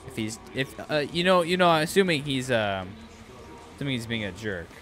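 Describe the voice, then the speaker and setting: A man streaming a video game, reacting excitedly to the action and chatting casually with his viewers. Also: mid-range voice, fairly quick, soft background music. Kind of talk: casual livestream commentary.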